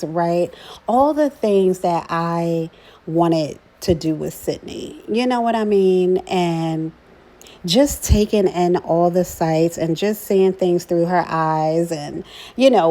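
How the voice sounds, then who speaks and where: Woman, middle-aged, casual vlog narration, slow pace, chatty, affectionate. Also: on the low side. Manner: chatty, keeps adding "right?"; warm and emotional about her daughter. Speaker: vlogger, mother.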